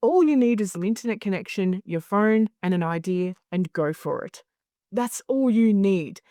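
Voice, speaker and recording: A woman guest talking candidly in an interview, blunt and animated, swearing freely as she tells stories. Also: medium pitch, moderate pace, no room sound, studio quality. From Australia. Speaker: guest, clinical hypnosis director.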